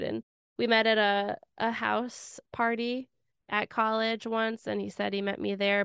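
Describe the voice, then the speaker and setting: A woman's voice: medium pitch, gravelly, fairly bright tone, smooth, no room sound, studio quality. A young adult woman hosting a podcast, telling a personal story in a candid, conversational way with lots of "like" fillers. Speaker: podcast host.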